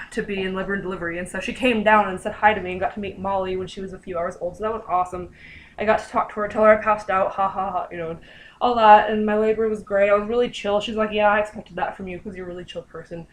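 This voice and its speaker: A woman's voice: mid-range voice, slight background noise, poor audio. Chatty young woman telling a story. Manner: chatty, lots of fillers, animated quoting. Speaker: vlogger. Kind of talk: casual storytelling.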